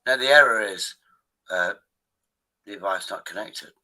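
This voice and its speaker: A man's voice: fairly low pitch, unhurried, pushed and bright, poor audio. A man hosting a live stream, rambling in a casual, profane way. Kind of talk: casual chat.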